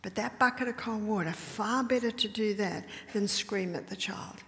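A woman's voice: medium pitch, moderate pace, fairly bright tone, slight background noise. A woman, a mother of several children, telling stories to an audience at a health retreat. She often laughs and drops her voice to a whisper to stress a point. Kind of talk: storytelling talk to an audience. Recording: long hall reverb.

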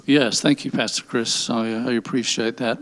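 A man moderating a Bible study panel, thanking a speaker and moving briskly to the next topic. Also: medium pitch, fairly even intonation, a bit bright, a little hiss or hum. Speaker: discussion moderator.

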